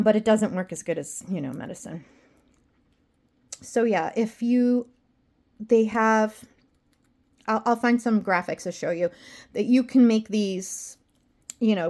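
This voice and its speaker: Recording a casual video diary at home, a woman vlogger talks straight to her viewers, chatty and rambling, poking fun at herself. She sounds tired, and her mid-range voice has a darkish tone.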